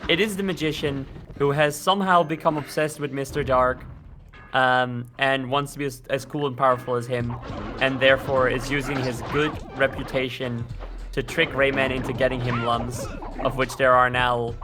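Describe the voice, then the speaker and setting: A man's voice: medium pitch, level tone, moderate pace. A man streaming a game, chatting casually in a rambling way and swearing freely. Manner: rambling, swears freely, trails off mid-thought. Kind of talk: casual chat over gameplay. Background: game music.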